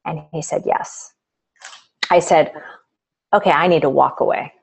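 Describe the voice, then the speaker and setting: Low-voiced woman telling a story. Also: measured pace, vocal fry, slightly rough, poor audio. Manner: animated storytelling with quoted dialogue. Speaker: author guest. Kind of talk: storytelling in a live video interview.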